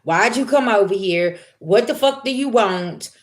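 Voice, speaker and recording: A woman's voice: medium pitch, a little slow. Blunt, cursing woman spiritual reader. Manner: blunt, profane, animated street talk. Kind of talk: casual spiritual reading monologue.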